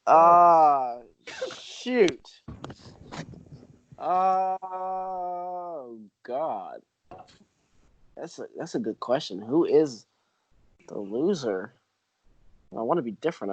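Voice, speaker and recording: A man co-hosting a podcast in casual chat, excitable and goofing around with frequent laughs. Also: mid-range voice, measured pace, breathy edge. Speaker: podcast co-host.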